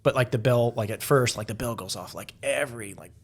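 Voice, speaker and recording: Speaking a bit quickly in a mid-range voice, a man who is a Navy veteran tells stories as a podcast interview guest. He's relaxed, leans on filler words, and chuckles from time to time.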